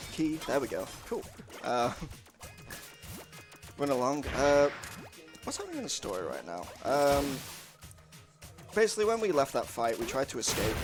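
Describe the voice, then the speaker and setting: A man commentating his own speedrun in a casual, jokey way, laughing often. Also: medium pitch. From United Kingdom. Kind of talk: casual live commentary on a game run.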